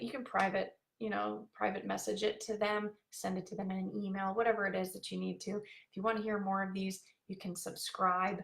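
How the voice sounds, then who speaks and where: Bubbly chatty woman coach with vocal fry. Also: medium pitch. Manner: bubbly, chatty, many fillers. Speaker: life coach. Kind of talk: live-streamed coaching talk.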